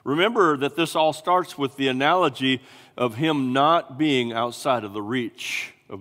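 A male pastor preaching a sermon in an animated way, acting out scripture voices with big swings in pitch. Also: measured pace. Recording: long hall reverb.

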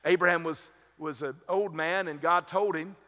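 A male pastor with a slightly higher voice preaches in a loose, conversational way, mixing humorous asides into his teaching. His voice carries a long reverb from a church sanctuary. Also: steady tone, normal speed, bright, forceful tone. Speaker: lead pastor. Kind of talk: sermon.

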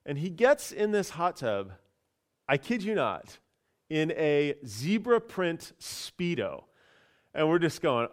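A pastor telling a personal story in a casual, chatty sermon, with many fillers and restarts. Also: male voice, on the high side, very animated, moderate pace.

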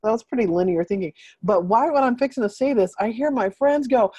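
A woman's voice: on the high side, a little fast, breathy edge, no echo, muffled recording. A woman hosting a group video call, telling a story in a rambling, casual way full of fillers. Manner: rambling, filler-heavy, animated retelling.

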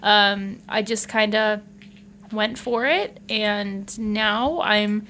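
Bright-voiced young woman, earnest and reflective. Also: medium pitch, extremely slow, a little hiss or hum. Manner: earnest, reflective, hesitant with ums. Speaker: podcast co-host. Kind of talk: casual podcast chat.

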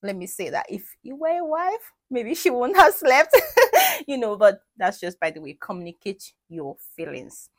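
A woman hosting an advice talk who teases gently, repeats phrases for emphasis and laughs at her own jokes. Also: fairly high pitch, huge pitch swings, normal speed, no room sound. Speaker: podcast host giving marriage advice. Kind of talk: conversational faith-based advice talk.

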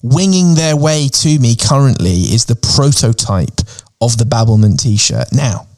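A man's voice: medium pitch, unhurried, darkish tone, no echo, studio quality. A man co-hosting a podcast, telling a story in casual chat and swearing freely. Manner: sweary, retells the story acting out voices. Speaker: podcast co-host.

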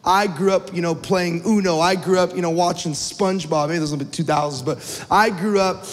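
A man's voice: high voice, fairly even intonation, moderate pace, long reverb tail. A man in his thirties giving a sermon, telling a personal story earnestly, often repeating his words. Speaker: pastor.

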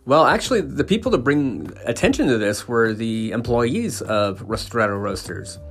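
A man's voice: mid-range voice, expressive, normal speed, faint music behind. A man ranting casually as a podcast host, swearing and stumbling over restarts and fillers. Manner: profane, stammering restarts and fillers. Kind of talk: casual opinion rant.

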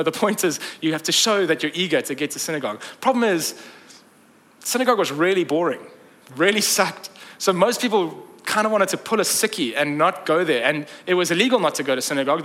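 A man preaching a sermon, retelling a story in a lively, conversational way with jokes and asides. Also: fairly high pitch. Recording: long reverb of a large hall.

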